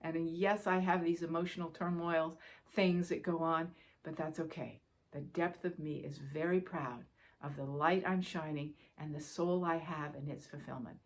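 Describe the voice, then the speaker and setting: A woman spiritual teacher giving a gentle, reassuring guidance talk, speaking directly to her listeners and repeating key phrases for emphasis. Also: deep voice, fairly even intonation, moderate pace.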